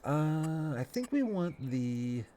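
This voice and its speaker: A man, sounding stuffed up, giving relaxed, rambling commentary over a game as a let's play host, talking half to himself with folksy phrases. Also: fairly high pitch, takes it slowly, a little hiss or hum. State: stuffed up nose. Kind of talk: casual gameplay commentary.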